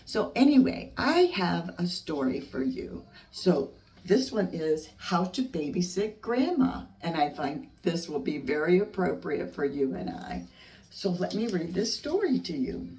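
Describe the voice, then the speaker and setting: Older woman as a grandmother reading to a baby: unhurried and gentle, sing-song, set back from the mic. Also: lowish voice, big pitch swings, recorded from a distance. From United States. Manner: slow, gentle, sing-song storytime voice with asides. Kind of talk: reading a picture book to a baby.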